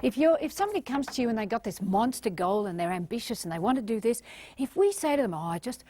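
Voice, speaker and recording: A middle-aged woman with an Australian accent gives a motivational seminar talk in an animated, emphatic way. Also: a little high, fast talker. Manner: animated, emphatic, acts out little scenes. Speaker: motivational speaker.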